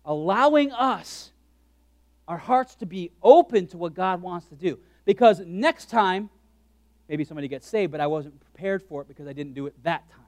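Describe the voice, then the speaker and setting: High-voiced joking pastor, dry sound. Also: male voice, normal speed, dry recording. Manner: animated, joking, acts out his own thoughts in asides. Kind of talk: sermon.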